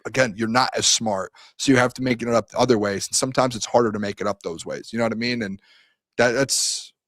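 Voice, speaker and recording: A man's voice: mid-range voice, a little fast, a bit bright, no room sound. A man co-hosting a sports talk show, optimistic and rambling, with many fillers in casual chat.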